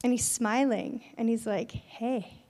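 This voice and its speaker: A young woman giving a conversational sermon, telling a personal story with lively voiced quotes. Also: fairly high pitch, moderate pace, in a large hall. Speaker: speaker at a church event.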